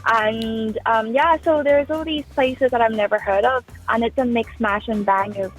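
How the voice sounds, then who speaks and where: A woman's voice: on the high side, normal speed, soft background music, rough recording. A woman from Australia speaking with a mixed Irish accent, chatting as a radio guest over the phone, with many ums and frequent laughs. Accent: mixed Irish (foreign accent syndrome). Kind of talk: phone interview. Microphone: phone line.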